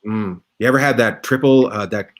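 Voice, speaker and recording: A man's voice: medium pitch, a little fast. A man hosting a comedy panel game, teasing his guests with mock outrage. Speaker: host. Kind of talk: playful game-show banter.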